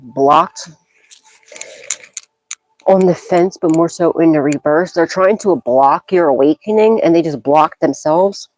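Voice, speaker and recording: A woman's voice: low-pitched, unhurried, long pauses, darkish tone, a little hiss or hum, rough recording. A woman giving a psychic tarot reading in a casual monologue, blunt and profane, scolding and often bursting into laughter.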